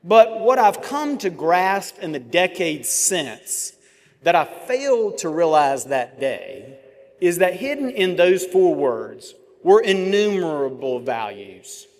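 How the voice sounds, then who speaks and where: A man, giving a commencement address with measured oratory, dramatic pauses and vivid storytelling. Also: high-pitched, big pitch swings. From Georgia, US. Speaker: commencement speaker. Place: large ceremony venue. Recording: long reverb of a large venue.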